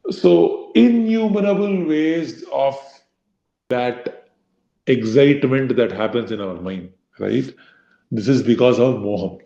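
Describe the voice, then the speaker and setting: A man gives a devotional scripture lecture in a chatty, rambling way, voicing imagined thoughts and leaning on filler phrases. His voice is mellow and mid-pitched. The recording sounds roomy and a little dull. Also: lively intonation, slow, vocal fry. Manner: conversational, acts out inner voices, frequent fillers. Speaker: devotional speaker.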